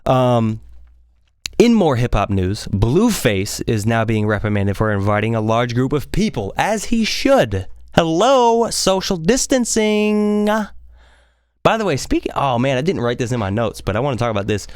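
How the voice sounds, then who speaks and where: Brief: male podcaster, casual rambling chat with swearing, animated pitch, dry close mic. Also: brisk, clear, resonant tone, dry recording. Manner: rambling, profane, joking, goes off on tangents. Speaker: podcast host. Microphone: studio microphone with headphones.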